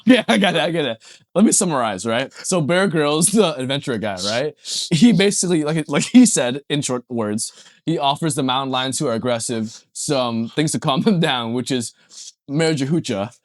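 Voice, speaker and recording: A young man co-hosting a casual podcast in a mid-range voice. He lays out absurd ideas in a deadpan, mock-serious way, and the recording sounds dry and close. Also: mid-range voice, moderate pace, no room sound. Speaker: podcast co-host. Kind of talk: casual comedic chat.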